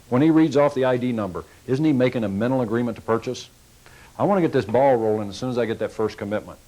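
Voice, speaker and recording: A man with a folksy, coaching way of talking leads a sales training session, speaking at an ordinary middle pitch. He walks his audience through techniques and slips into short acted-out exchanges with customers. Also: quick pace, a little mellow, rough recording.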